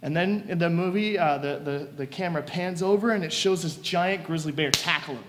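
A man's voice: a little high, a little fast, background noise. A man preaching a sermon, retelling stories animatedly and acting out scenes. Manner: animated storytelling, acts out scenes. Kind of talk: sermon with retold story.

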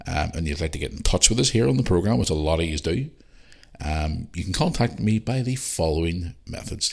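A man's voice: low-pitched, animated, brisk, vocal fry. A middle-aged man with a Northern Irish accent, hosting a casual solo podcast and chatting in a rambling, ranting way. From Northern Ireland. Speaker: podcast host.

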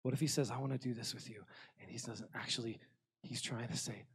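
A man preaching a sermon, blunt and humorous, swinging between loud passages and hushed ones. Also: medium pitch, steady tone, a little fast, breathy edge. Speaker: pastor.

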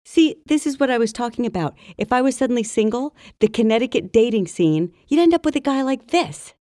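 A woman's voice: a little high, animated, a little fast, mellow, no room sound. Chatty woman podcaster, dry close sound. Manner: chatty, gossipy storytelling. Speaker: podcast co-host. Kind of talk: casual chat.

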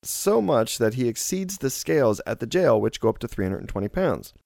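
A man co-hosting a casual comedy podcast. He reads news items and listener questions aloud in quick bursts and laughs often. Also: mid-range voice, big pitch swings, creaky, a little mellow, no echo, clean studio sound.

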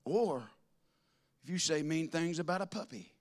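A man preaching a sermon to a congregation, swinging from loud declarations to soft asides. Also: on the high side, animated, normal speed. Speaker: pastor. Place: church with a congregation.

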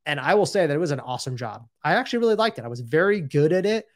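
A man's voice: on the high side, animated, very fast. A man in his thirties telling his own story in a casual, rambling and candid way, often saying "dude" and "like".

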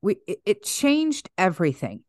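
A woman's voice: mid-range voice, wildly swooping pitch, normal speed, a little mellow, no echo, clean studio sound. A woman co-hosting a faith podcast, talking in an emphatic, exhorting way with casual fillers. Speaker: podcast co-host.

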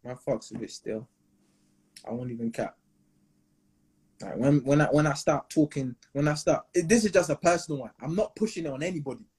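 A young man co-hosting a casual podcast. His husky voice sits a touch high, and he talks in lively, slang-heavy banter. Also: brisk. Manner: animated, slangy, does playful voices and laughs often. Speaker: podcast co-host.

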